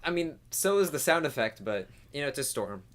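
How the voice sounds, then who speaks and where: A man co-hosting a casual movie review chat, giggly and animated, on a close mic. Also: a little high, fairly quick. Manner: giggly, animated, interrupts often. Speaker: podcast co-host.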